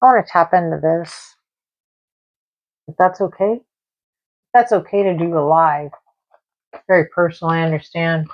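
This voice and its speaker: A woman's voice: fairly low pitch, steady tone, normal speed, long pauses, no room sound. A woman hosting a live-stream tarot reading, rambling and emotional, with many fillers and repeated words. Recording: dull lo-fi live-stream audio.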